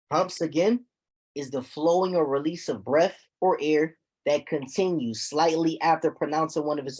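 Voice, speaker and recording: A man teaching a recitation class, explaining terms slowly and checking on his students with repeated "okay?". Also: fairly high pitch, darkish tone. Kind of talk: classroom lesson.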